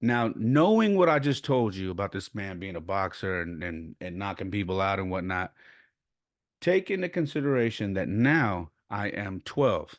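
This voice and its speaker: A podcast host from San Jose, California, tells family stories in a rambling, conversational monologue from his bedroom at home, with a child sleeping nearby. His voice is low-pitched with lively intonation at a normal speed, and the studio-quality audio has no echo. He restarts and laughs as he goes.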